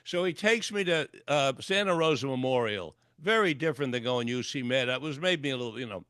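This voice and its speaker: A man's voice: medium pitch, lively intonation, brisk, fairly bright tone, clear, resonant tone, dry recording, clean studio sound. An older man, a psychologist and author, telling a personal story in a radio interview and acting out the dialogue vividly. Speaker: guest, clinical psychologist and author.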